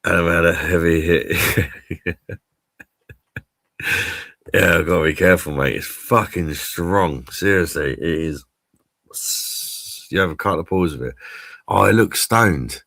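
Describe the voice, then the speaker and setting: A man's voice: deep voice, measured pace, creaky, pauses often, a bit bright, no echo, studio quality. A man hosting a casual live-stream chat, laid-back and sweary, laughing often. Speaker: host of a drinks review live stream.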